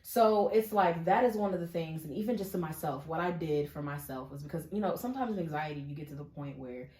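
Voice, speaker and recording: A woman co-hosting a podcast, talking in an animated, emphatic way. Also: low-pitched, fast, roomy sound, slight background noise. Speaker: podcast co-host. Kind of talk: casual chat.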